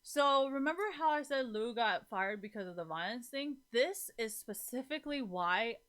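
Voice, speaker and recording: Bright-voiced woman streamer, swearing freely. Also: fairly high pitch, expressive, moderate pace. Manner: rambling, heavy swearing, frequent laughter. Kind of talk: casual chat to viewers.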